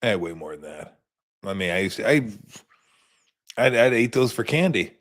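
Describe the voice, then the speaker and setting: A man's voice: on the low side, sing-song, normal speed, fairly bright tone. A man in his fifties hosting a sports show, telling rambling stories in a laid-back, casual postgame chat.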